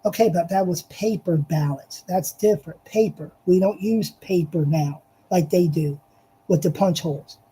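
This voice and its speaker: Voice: medium pitch, moderate pace, mellow, breathy edge, poor audio. A speaker giving an impassioned, repetitive monologue, addressing listeners directly and hammering each point with emphasis. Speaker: political commentator.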